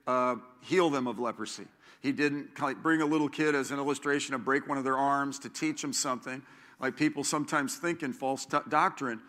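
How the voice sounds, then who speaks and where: A man preaching a sermon, emphatic, repeating key phrases slowly for note takers. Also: medium pitch, bright, forceful tone.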